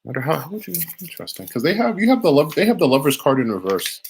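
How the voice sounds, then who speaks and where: A man's voice: on the high side, sing-song, racing, vocal fry, background noise. A man giving a live-streamed tarot reading in a casual, rambling way, restarting and repeating phrases as he talks. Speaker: tarot reader.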